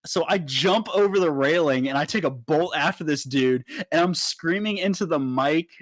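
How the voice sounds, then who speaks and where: Young male podcast co-host, lively storyteller who swears freely; slightly high voice, dry close sound. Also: normal speed, no echo. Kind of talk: casual storytelling.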